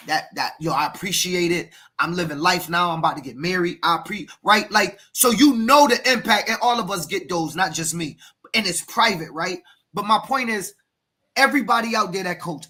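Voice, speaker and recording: Bright-voiced fired-up American football coach. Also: male voice, high voice. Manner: emphatic, preachy, repeats words and addresses co-host by name. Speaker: youth football coach and podcast host. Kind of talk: passionate podcast talk.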